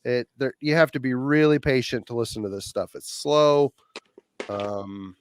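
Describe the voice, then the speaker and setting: A man's voice: mid-range voice, measured pace, a little hiss or hum. A man co-hosting a casual podcast chat, talking loosely with jokes and laughter.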